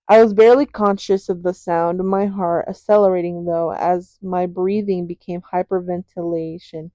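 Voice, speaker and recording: Young woman reading a book out loud, warm mellow voice, trips over words, chats in between, dry close sound. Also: lowish voice, dry recording. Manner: chatty, stumbles and restarts words, breaks off for asides. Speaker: amateur audiobook reader. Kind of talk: casual read-aloud of a novel.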